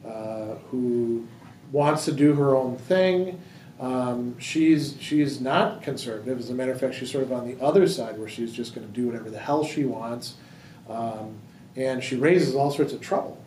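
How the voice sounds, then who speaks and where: A man's voice: medium pitch, normal speed, a little mellow. A man leading a book discussion in a library room, thinking aloud with many fillers and restarts. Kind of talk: casual discussion. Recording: roomy hall, distant mic, faint noise.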